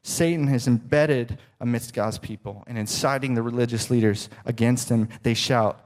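Brief: male preacher, mid-pitched voice, dramatic storyteller, hushed delivery. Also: steady tone, normal speed, hardly any pauses. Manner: dramatic storytelling, dropping to soft, hushed tones. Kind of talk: sermon.

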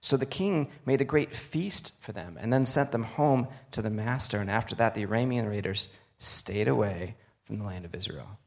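A man delivers a sermon in a somewhat low, gravelly voice. He moves between reading scripture and talking directly to his listeners in an earnest, conversational way. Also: moderate pace, few pauses. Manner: earnest, conversational asides to the audience. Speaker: preacher.

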